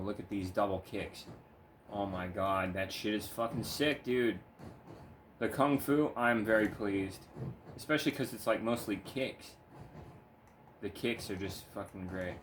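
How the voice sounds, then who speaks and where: A man's voice: on the low side, a little slow, slight background noise. A man giving casual, laid-back gameplay commentary at home, swearing freely and cooing at his cat between remarks. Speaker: gaming video creator. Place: home room.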